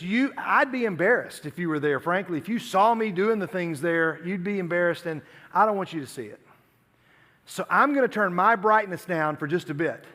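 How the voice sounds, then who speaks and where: A man preaching to a youth group, telling stories animatedly and acting out the dialogue. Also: high voice. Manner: animated storytelling, acts out dialogue. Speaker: youth pastor. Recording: long hall reverb.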